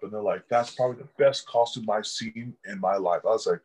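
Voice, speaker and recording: A man's voice: fairly low pitch, fairly quick, hardly any pauses, husky, low-quality recording. A young man, a college football player, telling casual stories in an interview and laughing often. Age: young adult. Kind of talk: casual storytelling.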